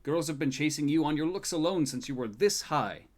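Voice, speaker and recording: A man voicing a tall, loving old grandfather with a deep, booming voice, gentle and teasing, for a tabletop game. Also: expressive, a little fast, lightly acted. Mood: reassuring.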